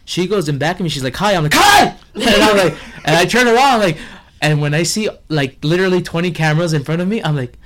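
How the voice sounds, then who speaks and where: A man's voice: on the high side, fast. A man, a chef guest, telling stories in casual chat, acting out other people's lines and laughing often.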